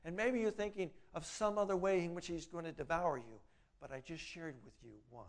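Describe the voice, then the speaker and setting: A middle-aged pastor delivers a sermon a little fast, his voice growing loud as he exhorts the congregation. When he gives voice to his inner doubts, he drops quiet and low.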